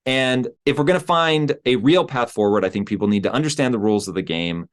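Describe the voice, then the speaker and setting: A man's voice: medium pitch, animated, a little fast. A man hosting an interview, asking earnest, probing questions in casual talk. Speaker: podcast host.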